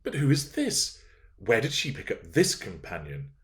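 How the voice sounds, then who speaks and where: A man's voice: medium pitch, huge pitch swings, moderate pace, pitched above the performer's own voice. A man voicing a pompous, self-important elderly squire and magistrate. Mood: blustering.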